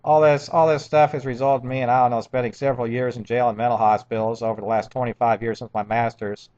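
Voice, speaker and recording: A man's voice: medium pitch, flat delivery, quick pace, darkish tone, no room sound, muffled recording. A man in his fifties telling a long, agitated, rambling personal story, stumbling and restarting his sentences often.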